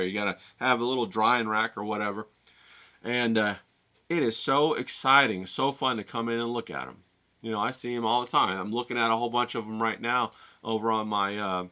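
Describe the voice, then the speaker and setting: A man with a fairly low, bright, forceful voice hosts a painting vlog from his desert home. His casual motivational talk is rambling and enthusiastic, packed with fillers and offhand swearing.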